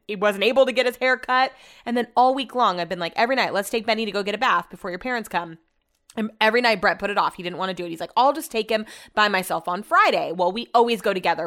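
A young woman talks straight to her viewers, chatty and exasperated as she tells her stories. She swears now and then, and her pitch sits right in the middle. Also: a bit bright. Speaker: vlogger and radio host. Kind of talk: casual storytelling vlog.

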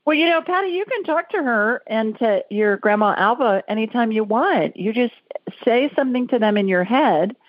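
A woman hosting a call-in radio show as a psychic medium, brisk and laughing often as she relays messages. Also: on the high side, animated, no echo, highs cut off. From United States.

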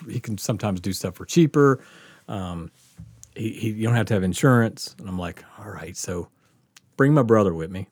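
Male podcast host, lively profane storyteller, husky tone, dry booth sound. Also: on the low side, dry recording. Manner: animated, profane, laughing through his story. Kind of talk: casual storytelling chat.

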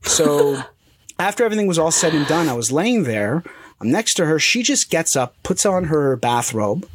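Animated young man telling a story. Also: fairly high pitch, normal speed, breathy edge, no room sound. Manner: animated, swearing, acts out quotes. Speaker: storyteller guest. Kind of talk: casual storytelling chat.

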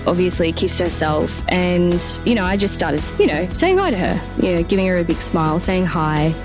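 A woman co-hosting a casual podcast chat. She tells her story in a rambling, friendly way, laughs easily and swears freely. Music plays clearly behind her. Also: fairly low pitch, lively intonation, normal speed. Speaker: podcast co-host.

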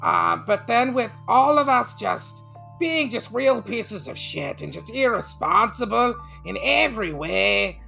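A man's voice: sits high, animated, measured pace, vocal fry, pushed and bright, faint music behind, heavily acted. A man voicing a self-loathing, over-apologetic head of a male hydra monster in an improvised comedy podcast. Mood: groveling.

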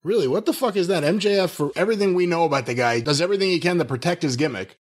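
A man's voice: a little high, very fast. A man co-hosting a podcast, talking in an incredulous, mocking and profane way. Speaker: podcast co-host. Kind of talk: casual podcast chat.

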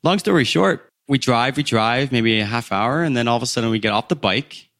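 A man in his thirties from the United States, a podcast guest telling stories in an animated way and laughing at his own stories. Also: medium pitch, brisk, dry recording, studio quality. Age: 30s. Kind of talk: casual storytelling.

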